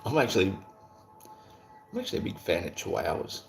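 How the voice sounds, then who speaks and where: Gravelly-voiced Australian man chatting on stream. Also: sits low, wildly swooping pitch, a little fast, darkish tone, soft background music. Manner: rambling, laid-back, swears casually, chuckles often. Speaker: livestream host. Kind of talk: casual chat while reading viewer comments.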